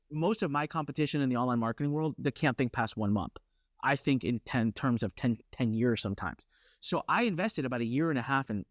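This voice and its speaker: A middle-aged man hosting a workshop, telling a brash, competitive story with lively asides. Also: medium pitch, no echo, studio quality. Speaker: workshop host.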